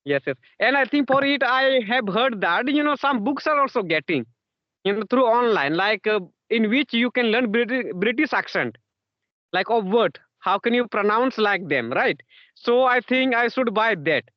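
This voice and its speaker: A man's voice: very high voice, animated, moderate pace, no room sound, muffled recording. A man interviewing in casual conversation practice, repeating himself and filling gaps with "you know" and "yes, yes".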